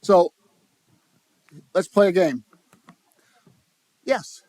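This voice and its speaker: A man speaking to a conference audience in a slightly high voice. He talks conversationally, restarts his phrases and puts questions to the listeners. The sound is dry and close. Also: drawn-out words, a little mellow, no echo. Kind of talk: live conference talk to an audience. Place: conference room.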